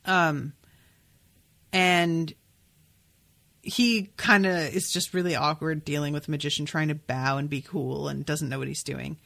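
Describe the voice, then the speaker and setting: A woman with a low voice hosts a casual book podcast. She muses out loud, trailing off and restarting with frequent fillers as she works through her thoughts. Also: steady tone, a little slow, creaky, pauses often. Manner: musing, filler-heavy, thinks out loud. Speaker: podcast host. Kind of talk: casual book discussion and reading aloud.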